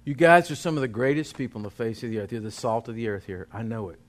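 A man's voice: medium pitch, quick pace. A male pastor, preaching a sermon in a folksy, exhorting way.

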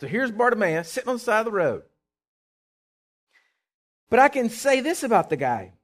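A man preaching a sermon, emphatic, with call-and-response, swinging from loud to hushed. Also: very high voice, sing-song, normal speed. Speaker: pastor.

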